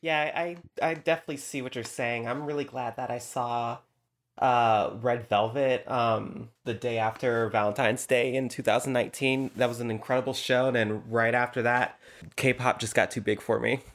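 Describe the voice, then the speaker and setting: Man chatting in an even, measured way. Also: mid-range voice. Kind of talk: casual chat.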